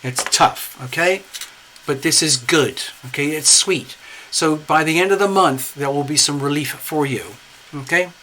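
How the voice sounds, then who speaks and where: A man rambles through a live tarot stream, tossing in "okay?" and "you know" as he goes. His voice sits a little high and comes across bright and forceful. A faint hum of noise runs under the recording. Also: a little slow. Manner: chatty, rambling, greets viewers by name. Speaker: tarot reader.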